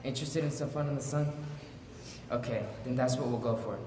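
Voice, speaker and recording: A male performer gives a teenage son, desperate and earnest, pleading with his mother in a stage monologue, his voice sitting at an ordinary middle pitch. He sounds like he is captured from far off in an echoey hall with a long ringing tail and faint background noise. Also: fairly quick, a crowd in the background, lightly acted. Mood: hopeful. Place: school auditorium.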